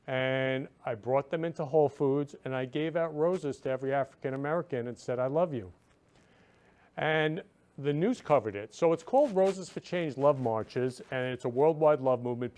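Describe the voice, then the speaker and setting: A man's voice: medium pitch, darkish tone. A man hosting his own show, talking earnestly and effusively to viewers, repeating himself often. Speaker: show host. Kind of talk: casual talk to viewers.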